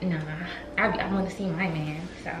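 A woman chatting casually with her twin during a mukbang, slangy and quick to laugh, recorded on a vlog camera at home. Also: fairly low pitch, fairly even intonation, background noise. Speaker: vlogger's twin sister, guest. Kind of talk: casual chat over a mukbang. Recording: echoey room, faint music.

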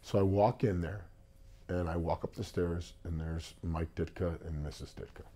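A deep, husky man talks in a mellow, warm tone. He tells his story casually and with animation, acting out what people said to him. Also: normal speed. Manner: animated storyteller, acts out quotes. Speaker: singer, interview guest.

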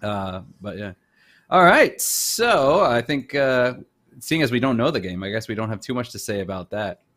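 A man hosting a casual podcast chat, talkative and quick to laugh. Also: medium pitch. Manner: chatty, laughs often, animated. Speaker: podcast host.

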